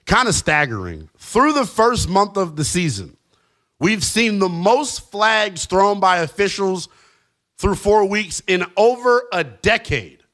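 A man's voice: high voice, big pitch swings, takes it slowly, fairly bright tone. A man hosting a sports radio show, ranting emphatically about officiating. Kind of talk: opinionated sports talk.

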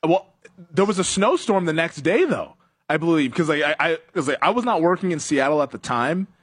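A man's voice: a little high, animated, a little fast, slightly rough. A man hosting a sports talk show, chatting casually, laughing often and acting out quotes. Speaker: sports radio host.

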